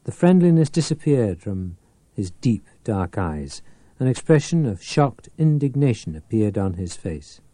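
A man narrating a novel in an expressive, scripted reading. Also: on the low side, a little slow, dry recording. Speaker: audiobook narrator.

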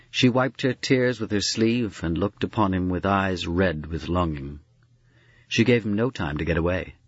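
A man with a low, husky voice narrating a story in a measured, dramatic way. The recording is dry and close with a dull, lo-fi sound. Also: no room sound. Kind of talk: storybook reading.

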